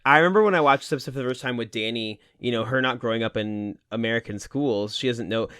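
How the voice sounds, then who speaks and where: A man's voice: mid-range voice, fairly bright tone, clean tone, no room sound. Swearing man on a dry podcast mic. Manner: swearing, quick, laughs often. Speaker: podcast co-host. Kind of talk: casual chat.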